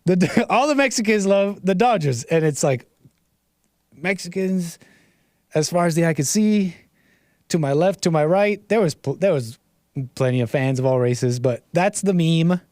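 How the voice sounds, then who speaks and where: Chatty American man, higher voice. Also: normal speed, no room sound, studio quality. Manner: rambling and animated, laughs often, reads chat aloud. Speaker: livestream host. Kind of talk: casual livestream chat.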